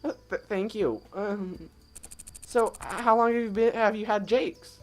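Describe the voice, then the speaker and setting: A man doing a squeaky flustered schoolgirl. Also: a little slow, soft background music. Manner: stammering, flustered, high and squeaky. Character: nervous shy young schoolgirl.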